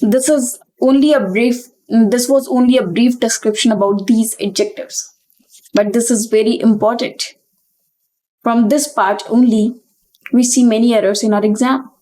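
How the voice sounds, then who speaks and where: A young woman teaches English grammar for exam preparation. Her voice sits a little high, and she explains each point in careful steps, repeating the key terms so they stick. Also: steady tone, moderate pace, warm tone, rough recording. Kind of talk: exam-prep grammar lesson.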